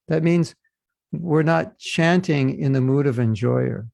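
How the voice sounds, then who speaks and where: Gravelly-voiced man giving a devotional class. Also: fairly high pitch, takes it slowly, darkish tone, no room sound. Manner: earnest, teaching with rhetorical questions. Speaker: spiritual teacher.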